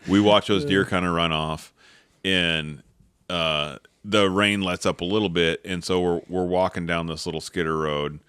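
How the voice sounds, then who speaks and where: A man's voice: low voice, normal speed, clean tone, no room sound. A man co-hosting a podcast, telling a hunting story casually with swearing and acted-out bits. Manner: animated storyteller, swears, acts out others' lines. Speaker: podcast co-host.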